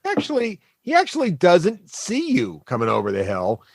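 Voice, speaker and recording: A man narrating as game master of a tabletop game, animated and laughing, adding sound effects. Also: high-pitched, moderate pace, vocal fry, no room sound, clean studio sound.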